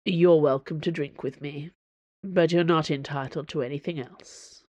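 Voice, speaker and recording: A woman's voice: low voice, fairly even intonation, normal speed, darkish tone, dry recording, highs cut off. A woman voicing a bitter, weary drunken male swordsman who speaks curtly and dismissively. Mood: gruff. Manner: curt, gruff, dismissive.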